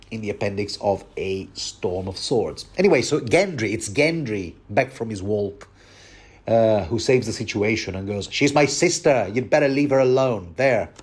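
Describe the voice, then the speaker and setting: A man's voice: on the low side, expressive, normal speed, a little mellow, slightly rough. A man hosting a rambling book commentary, talking digressively and addressing his listeners directly.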